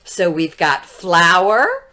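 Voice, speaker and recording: Slow bright teacher lady reading a picture book to kids, asks them stuff. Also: fairly low pitch, wildly swooping pitch. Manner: gentle, asks the young listeners questions. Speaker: teacher reading aloud to children. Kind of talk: children's read-aloud storytelling.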